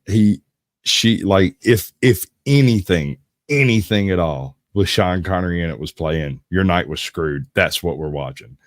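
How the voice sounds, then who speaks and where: A man's voice: deep voice, a little slow, no echo, studio quality. A man hosting a casual live stream, rambling and laughing often as he talks. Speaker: host.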